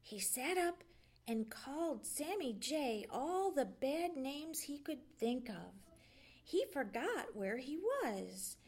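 Female librarian, storybook read-aloud; high, animated voice, expressive. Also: takes it slowly. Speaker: children's librarian.

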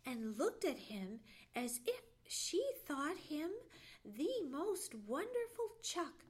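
A woman librarian reading a bedtime story aloud with expressive storytelling. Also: high-pitched, takes it slowly. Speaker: children's librarian.

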